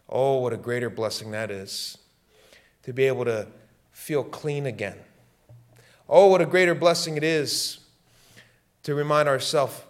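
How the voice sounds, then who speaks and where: A man's voice: medium pitch, measured pace, long pauses. Impassioned male pastor preaching. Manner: impassioned preaching, repeating lines, swinging between loud peaks and hushed passages. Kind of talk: sermon.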